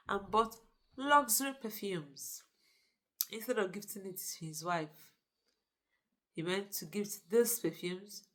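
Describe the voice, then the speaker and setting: A woman's voice: on the low side, fairly bright tone. A woman casually retelling a movie plot, chatty, with asides to the listener. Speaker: movie reviewer. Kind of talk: casual movie recap narration.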